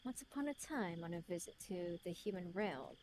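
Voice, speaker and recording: A woman's voice: lowish voice, animated, moderate pace, a little mellow, a little hiss or hum, lightly acted. A smug otherworldly man in a British accent, as a woman puts him on. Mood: teasing. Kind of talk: reading a story game aloud.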